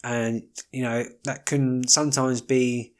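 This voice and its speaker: Male solo podcast host, mid-pitched voice, rambling and wry, lots of fillers. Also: level tone, slow pace. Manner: rambling, wry, jokey asides with many fillers. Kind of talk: casual solo monologue.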